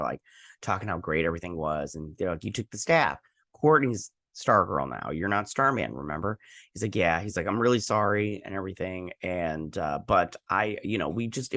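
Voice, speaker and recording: A man hosts a casual episode recap, rambling along as he quotes the characters. His voice sits low but swings up and down with lively pitch. The sound is dry and close to the mic. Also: no room sound. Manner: rambling, animated retelling with quoted lines. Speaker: host.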